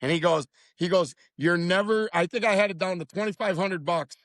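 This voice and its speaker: A man's voice: sits high, fairly quick, fairly bright tone, dry recording. A man in his fifties telling a story as a podcast guest in a blunt, heated, profane way. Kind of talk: casual storytelling chat.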